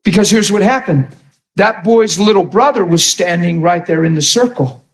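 A man preaching a sermon with passion, often shouting and repeating himself. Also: high voice, normal speed.

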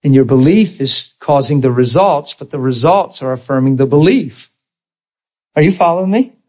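A man preaching to a congregation through a personal story, his voice husky and breathy at a middle pitch. He talks earnestly and acts out both sides of the conversation as he goes. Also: normal speed, poor audio. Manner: earnest, animated retelling with quoted dialogue. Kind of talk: storytelling sermon.

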